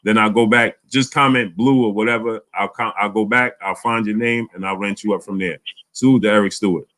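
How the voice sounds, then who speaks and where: A man hosting a casual live boxing chat, animated, often repeating words. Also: lowish voice, a little fast. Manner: animated, repeats words, reads super chats aloud. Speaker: boxing channel host.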